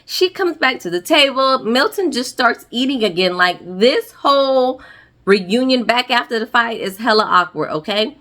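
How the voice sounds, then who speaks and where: A woman talks straight to her viewers as she recaps a reality show, sassy and slangy. Her voice is bright and forceful. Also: a little high, lively intonation, moderate pace. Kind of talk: casual recap commentary.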